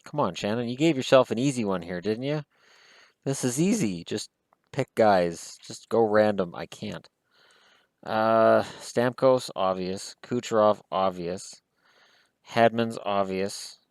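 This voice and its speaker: Wry, rambling man with a low voice. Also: measured pace, clean tone, dry recording. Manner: rambling, wry, self-deprecating asides. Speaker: hockey commentator. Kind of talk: casual solo commentary.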